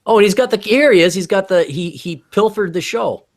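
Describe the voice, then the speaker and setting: A man's voice: high-pitched, fairly quick. A man hosting a casual livestream, rambling and reading chat comments aloud. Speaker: livestream host.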